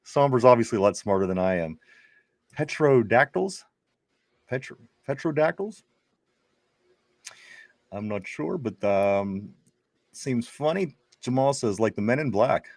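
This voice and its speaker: A man's voice: fairly low pitch, normal speed, a little mellow, no echo, clean studio sound. Chatty man reading comments. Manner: chatty, stumbling restarts. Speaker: podcast host. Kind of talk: casual sports talk, reading viewer comments.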